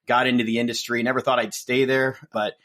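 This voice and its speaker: A man's voice: mid-range voice, level tone, fairly quick, a bit bright. Plainspoken man in his late forties. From Iowa, USA. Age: late 40s. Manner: plainspoken, storytelling. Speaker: revenue executive, podcast guest. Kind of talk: casual interview chat.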